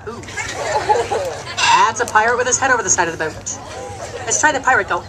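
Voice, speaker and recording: A woman's voice: mid-range voice, expressive, quick pace, over a noisy crowd. A woman hosting a live animal stage show, cracking self-mocking jokes to the audience. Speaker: bird show host and trainer. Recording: loud noisy live show recording.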